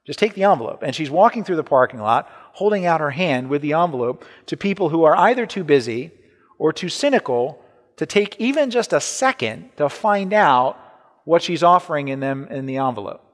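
A man's voice: fairly high pitch, expressive, brisk, in a large hall. A man preaching a sermon in a conversational way, often repeating words and checking in with "right?". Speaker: pastor.

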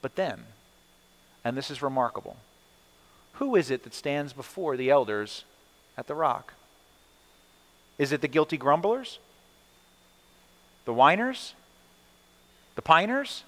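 Male pastor, sermon delivery, rhetorical questions, somewhat raised pitch, long hall reverb. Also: sing-song, measured pace, long pauses, fairly bright tone. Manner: preaching with rhetorical questions, voicing the people and God.

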